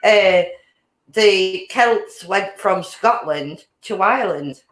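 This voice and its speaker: A woman's voice: mid-range voice, lively intonation, slow, a bit bright, roomy sound. A woman hosting a casual chat, rambling along and laughing often. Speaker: podcast host.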